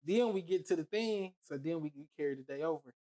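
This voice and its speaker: A man's voice: on the high side, animated, fairly quick, mellow, no echo. A man co-hosting a casual podcast, telling a story in laid-back, profane banter and laughing as he goes. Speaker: podcast co-host.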